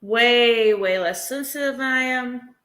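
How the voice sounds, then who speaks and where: A woman's voice: fairly high pitch, measured pace, fairly bright tone. A woman chatting casually on a live stream, rambling and emotional, often breaking into laughter. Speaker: livestreamer. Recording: roomy echo.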